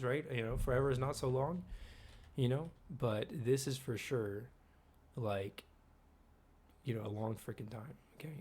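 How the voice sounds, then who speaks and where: Rambling male host, casual and chatty, keeps quizzing the listener, swears offhand, mid-pitched. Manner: rambling, asks the viewer questions, swears casually. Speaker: video host.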